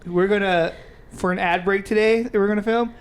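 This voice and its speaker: High-voiced man chatting on a podcast. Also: fairly even intonation, a little fast, clear, resonant tone. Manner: laughs often, rambling storyteller. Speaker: podcast co-host. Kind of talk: casual chat. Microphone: studio mic under bright lights.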